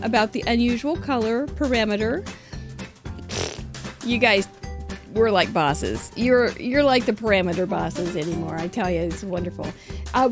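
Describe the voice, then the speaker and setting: A middle-aged woman hosting a live crafting show, chatting casually, rambling and poking fun at herself. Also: on the high side. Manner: chatty, self-deprecating, rambling with restarts and laughs. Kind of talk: casual live-stream chat.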